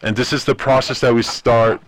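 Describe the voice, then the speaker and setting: A man's voice: mid-range voice, moderate pace, no echo. A man whose first language is Persian, telling stories as an interview guest and acting out the voices he quotes. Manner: animated storyteller, acts out quoted voices. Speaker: ministry guest. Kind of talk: interview storytelling.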